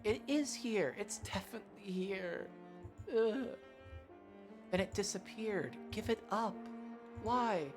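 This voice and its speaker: A man voicing a stubborn little girl who whines in a shrill, repeated cry. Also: slow, pauses often, music in the background. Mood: distraught whining.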